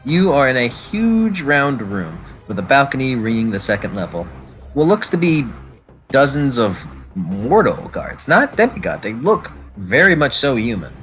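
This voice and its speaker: A man narrating a tabletop role-play game as its game master, describing scenes with fillers and quick self-corrections. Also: mid-range voice, big pitch swings, a bit bright, poor audio. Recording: faint background music.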